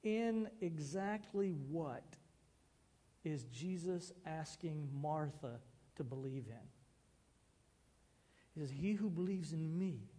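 A man preaching a sermon as pastor, expressive and acting out quoted lines. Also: on the high side, in a large hall.

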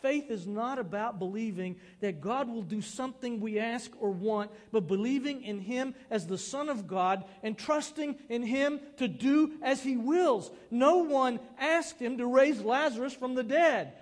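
High-voiced preacher in a reverberant hall. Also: male voice, a little slow, few pauses. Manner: expressive preaching, acts out quoted lines. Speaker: pastor. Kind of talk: sermon.

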